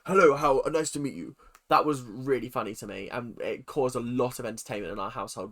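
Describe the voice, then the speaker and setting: A man's voice: medium pitch, bright, forceful tone. A man from the UK giving a casual, opinionated rant about a reality TV cast, frank and chatty, swearing now and then. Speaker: YouTube commentator.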